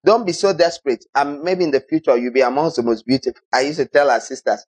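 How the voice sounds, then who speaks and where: A man preaching a sermon in a rhetorical, mocking manner, swinging between loud and soft. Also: medium pitch, fast, few pauses, breathy edge.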